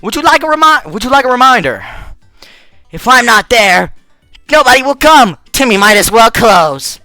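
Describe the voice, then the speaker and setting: Bratty girl robot, a guy doing the voice, high shrill shouty game dub, dry close mic. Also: big pitch swings, moderate pace, no room sound, soft background music, exaggerated voice. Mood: indignant. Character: bratty hot-tempered female waitress robot. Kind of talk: fan dub of a game's text.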